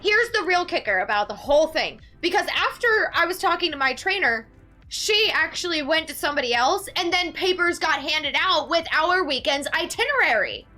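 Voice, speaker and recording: A woman telling a story casually to her chat, animated and dramatic in her ranting. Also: sits high, normal speed, soft background music. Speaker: streamer.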